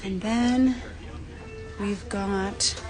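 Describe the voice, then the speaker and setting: A woman giving an excited live room tour on a cruise ship, filmed on a handheld phone and out of breath at times. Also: medium pitch, very slow, music in the background. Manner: excited, gasping and laughing. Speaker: cruise vlogger. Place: cruise ship cabin, indoors.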